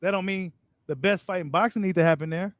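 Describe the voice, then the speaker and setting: A boxing channel host reads viewer comments on his live stream and shares his views in casual, slangy talk aimed right at his viewers. He speaks fast in a high-pitched voice, and there's no echo.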